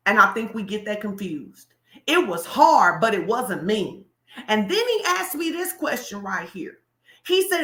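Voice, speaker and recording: Bright, animated woman preaching in an echoey room. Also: medium pitch, unhurried. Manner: animated, colloquial, addresses the crowd directly. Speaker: pastor. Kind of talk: sermon-style motivational talk.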